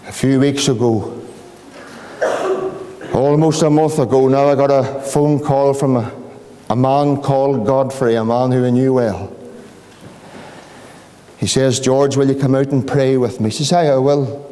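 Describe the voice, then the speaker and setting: Slow, pleading Northern Irish preacher. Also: male voice, steady tone, slight background noise. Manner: pleading, rising to impassioned pitch and slowing to hushed questions. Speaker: pastor. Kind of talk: evangelistic sermon. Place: church hall. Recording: long hall reverb.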